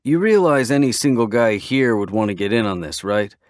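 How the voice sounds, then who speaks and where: A man voicing a brash, excitable male biker who is cocky and crude, in a dry audiobook reading. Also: lowish voice, fairly quick, no echo, natural voice. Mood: eager.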